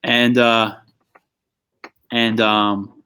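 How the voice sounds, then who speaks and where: A man's voice: fairly low pitch, flat delivery, very slow, bright, forceful tone, clear, resonant tone. A man telling a story in casual podcast chat, laid back and full of fillers, with some swearing.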